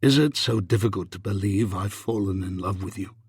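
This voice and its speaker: A man voicing an earnest, remorseful young Regency husband in an audiobook, with a husky, pleading delivery. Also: lowish voice, fairly quick, a little mellow, dry recording, clean studio sound. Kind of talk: audiobook reading.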